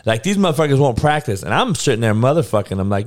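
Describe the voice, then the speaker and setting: A man's voice: medium pitch, sing-song, quick pace, few pauses. A man ranting bluntly and profanely in casual talk, laughing between heated points.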